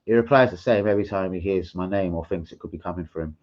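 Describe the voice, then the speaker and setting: A man's voice: low voice, quick pace, hardly any pauses. Sweary man ranting on a lo-fi stream. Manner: sweary, animated, mocking. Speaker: live streamer. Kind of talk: casual livestream rant. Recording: dull lo-fi stream audio.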